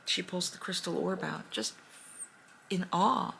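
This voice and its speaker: A woman storyteller telling an improvised fairy tale with animated, expressive delivery. Her slightly low voice has a gravelly fry and a bright edge, with faint noise behind it. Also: unhurried, low-quality recording.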